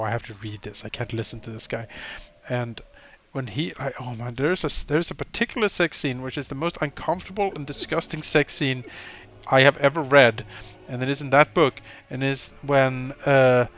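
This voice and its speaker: A man chatting casually as co-host of a game let's play, an animated storyteller who rambles and restarts often. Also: mid-range voice, lo-fi sound. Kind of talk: casual gaming chat.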